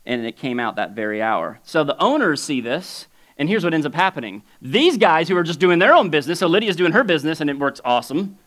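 A male pastor preaching a sermon in a casual, conversational way. He swings between loud, high exclamations and quiet, low asides, and often chuckles between points. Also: big pitch swings, fast, few pauses.

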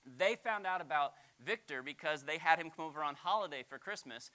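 A male pastor preaching a sermon, animated, swinging from loud exclamations to quiet asides. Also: on the high side, fairly quick.

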